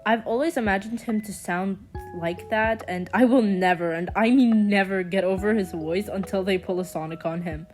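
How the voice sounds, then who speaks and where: A young woman giving a chatty, casual voice-over commentary with quick sarcastic asides. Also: medium pitch, soft background music. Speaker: commentary vlogger.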